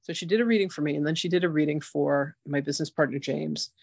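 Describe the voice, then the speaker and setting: A woman in her sixties hosting a spiritual masterclass, telling her story in a chatty, animated way full of "like" and "you know". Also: deep voice, quick pace, gravelly, dry recording, clean studio sound. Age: 60s. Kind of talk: casual personal storytelling.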